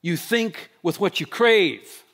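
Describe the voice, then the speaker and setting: A male pastor preaching a sermon, building through emphatic repeated rhetorical questions and dropping into low, quiet stretches to make his points. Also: lively intonation, takes it slowly. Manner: shifts between loud proclaiming and low quiet stretches.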